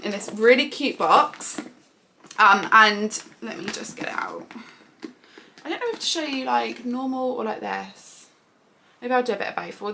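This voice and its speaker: A woman's voice: medium pitch, a little hiss or hum. Bubbly young British woman vlogging. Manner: bubbly, excitable, chatty with many fillers. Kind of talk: casual product review. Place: home bathroom.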